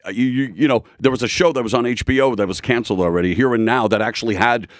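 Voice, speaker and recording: A man's voice: medium pitch, fast, no room sound, clean studio sound. A middle-aged man talking candidly as an interview guest, intense and rambling with frequent restarts. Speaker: guest, broadcaster.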